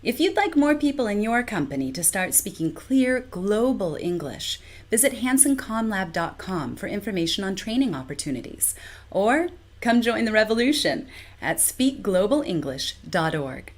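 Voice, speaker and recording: Animated woman teaching pronunciation. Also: medium pitch. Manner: clear, deliberate teaching delivery with exaggerated syllable stress. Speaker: communication trainer. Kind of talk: scripted video lesson.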